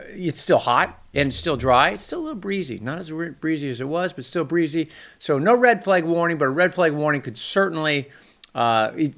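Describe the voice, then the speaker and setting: Gravelly, chatty middle-aged weatherman. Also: medium pitch, fairly bright tone. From Northern California. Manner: rambling, chatty, enthusiastic asides. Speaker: weather forecaster. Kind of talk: casual forecast chat. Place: at home.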